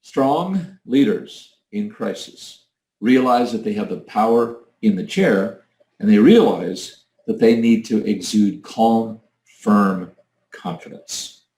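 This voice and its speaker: A man's voice: lowish voice, slow, warm tone. A man giving a leadership training talk, coaching emphatically and acting out different tones of voice. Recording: echoey room.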